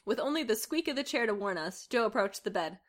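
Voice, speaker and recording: A woman's voice: a little high, expressive, fast talker. A woman co-hosting a comedy podcast, reading a story aloud and laughing as she goes. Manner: giggly, breaks into laughter while reading. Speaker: podcast co-host reading fan fiction.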